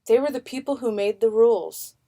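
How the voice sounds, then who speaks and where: A woman voicing a gentle old grandfather who recalls his childhood in a soft, rueful way. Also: a little high, brisk. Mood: reminiscing.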